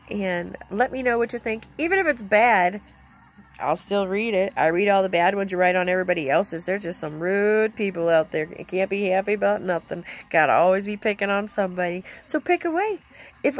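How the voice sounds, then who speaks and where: A woman's voice: mid-range voice, fairly quick. Emotional plainspoken middle-aged woman vlogging. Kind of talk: candid personal vlog. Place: inside a camper.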